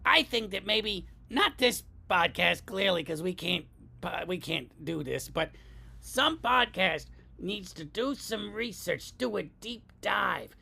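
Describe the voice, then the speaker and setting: Slow gravelly guy riffing on a comedy podcast, kinda wandering. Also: high voice, expressive, bright, forceful tone. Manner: musing, wandering, unsure.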